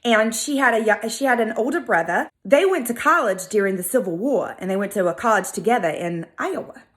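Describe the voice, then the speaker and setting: A woman with a Southern US accent hosting a video, telling a history story in a casual, animated, sassy way. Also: medium pitch, fairly quick. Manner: animated, chatty, sassy asides. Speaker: video host.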